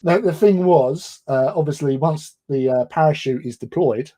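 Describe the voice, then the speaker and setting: A man's voice: on the high side, moderate pace, mellow. English man telling a rambling story. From England. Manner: rambling, self-deprecating, laughs often. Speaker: livestream co-host. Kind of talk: casual storytelling chat.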